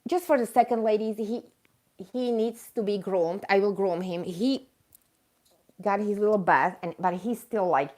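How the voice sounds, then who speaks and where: Speaking at a measured pace, a woman with a mid-range, darkish voice rants indignantly on her live stream. Between emphatic complaints she drifts into chatty, self-deprecating asides for her audience, making it an impassioned live chat rant.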